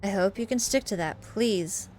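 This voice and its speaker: A woman's voice: medium pitch, moderate pace, darkish tone, a little hiss or hum, lightly acted. A woman voicing a stern, threatening young woman in a game, speaking curtly and coldly. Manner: curt, cold and menacing.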